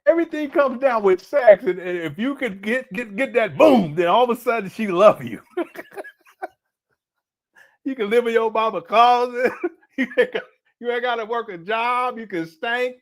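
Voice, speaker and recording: A middle-aged man with an extremely high-pitched voice hosts a livestream, reacting to a clip at a normal speed. He laughs often and talks to viewers in chat, keeping the commentary casual.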